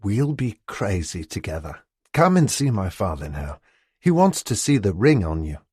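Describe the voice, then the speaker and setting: Guy doing a playful lovestruck gentleman, deep voice, close dry mic. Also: sing-song, normal speed, slightly rough, no room sound, full character voice. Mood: tender.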